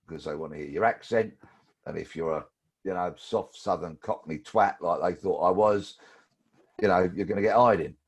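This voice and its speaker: Husky, low-voiced man in his sixties. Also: moderate pace. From London. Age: 60s. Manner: lively anecdotal storytelling. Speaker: guest, former police detective. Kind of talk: storytelling interview.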